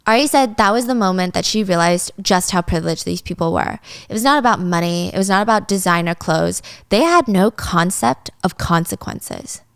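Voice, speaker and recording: A woman's voice: medium pitch, no echo, studio quality. A woman telling a dramatic story in a casual way, with swearing.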